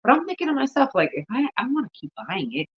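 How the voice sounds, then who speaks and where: A woman's voice: sits high, very animated, fast talker, husky, dull audio. A woman chatting casually in a gardening vlog, rambling and talking to herself, tired and yawning. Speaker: gardening vlogger.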